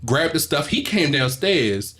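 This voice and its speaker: A young adult man co-hosting a podcast, telling a story in casual chat and acting out the voices of the people in it. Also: unhurried. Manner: animated storyteller, acts out voices with big pitch jumps. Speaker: podcast co-host.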